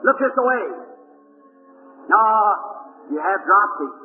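A man's voice: high-pitched, animated, slow pace, faint music behind. A man preaching at a healing revival who calls out people in a large meeting hall and quizzes them with short questions. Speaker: healing evangelist. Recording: old tinny archival hall recording.

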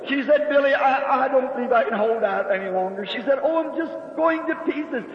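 A preacher with a strikingly high voice tells a homely story from the pulpit in an earnest, drawn-out way. His voice echoes around a large hall, and the old recording sounds dull. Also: a little hiss or hum. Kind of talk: sermon with personal story.

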